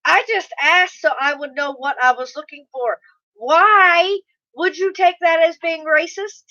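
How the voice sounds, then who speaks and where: A woman with a high, bright and sharp voice hosts a casual live stream, answering chat in an animated, laughing way. The sound is dry and close, but muffled and lo-fi. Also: measured pace.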